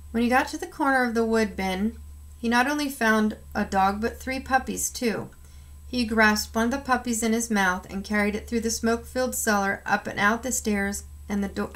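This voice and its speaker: A woman reading a children's picture book aloud, acting out the sound effects with expression. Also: on the high side. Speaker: storyteller.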